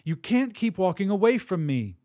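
A man voicing a furious woman who screams at her partner, her voice shrill and drawn out in a story reading. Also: big pitch swings, normal speed, mellow, no echo, clean studio sound.

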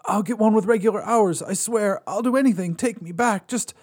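A man's voice: high-pitched, a little fast, a little mellow, breathy edge, voice pushed up. A man doing a desperate, heartbroken young man. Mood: pleading. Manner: pleading, breathless, choked.

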